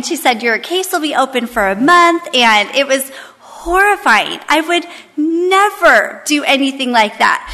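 A woman's voice: high voice, bright, forceful tone, big-room sound. A woman in her thirties leading a Bible study, telling a personal story in a chatty way with many fillers and restarts. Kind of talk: casual storytelling to a women's group.

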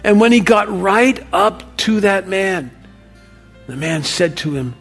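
Guy doing josiah, an old-time hebrew dad telling his miracle story, kinda higher voice, gravelly and husky, soft music under it. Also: expressive, takes it slowly, exaggerated voice. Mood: earnest storytelling. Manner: earnest, swings from loud wonder to hushed awe. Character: devoted ancient Hebrew father telling of a miracle. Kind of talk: dramatic first-person monologue.

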